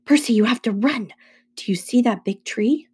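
A woman's voice: a little high, normal speed, a little mellow, husky, pitched above the performer's own voice. A woman reading an audiobook aloud, voicing a frightened but firm mother giving serious, urgent orders.

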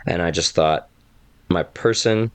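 A man hosting a podcast recap, rambling warmly in casual chat and laughing often. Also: sits low, a little slow, smooth, no echo. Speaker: game master and podcast host.

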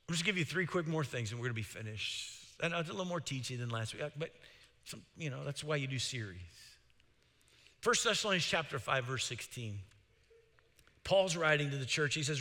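A man pastor preaching a sermon, excitable and getting loud when he's fired up. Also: fairly high pitch, fast, big-room sound. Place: church sanctuary.

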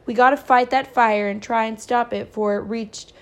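A woman reading aloud voices a gruff old grandmother, speaking loud dialect. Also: fairly high pitch, steady tone, normal speed, close to an everyday voice. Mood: gruff, urgent.

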